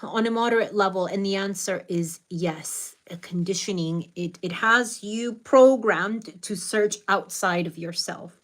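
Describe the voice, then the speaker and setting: Speaking at a measured pace in a mid-range voice, a middle-aged woman hosts a live stream and greets her viewers by name. She's from the United States, has a Hispanic Latin accent in her American English, and gives earnest, reflective spiritual advice.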